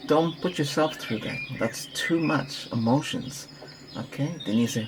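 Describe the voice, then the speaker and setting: A man who practices Reiki, giving a rambling relaxation talk with breathing guidance, repeating himself and coaching gently. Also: mid-range voice, a little slow, noisy background.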